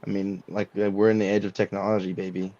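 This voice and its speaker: A man's voice: low-pitched, level tone, quick pace, warm tone. A man on a podcast, talking casually and rambling with lots of fillers and restarts. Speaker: podcast co-host. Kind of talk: casual chat. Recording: dull lo-fi sound.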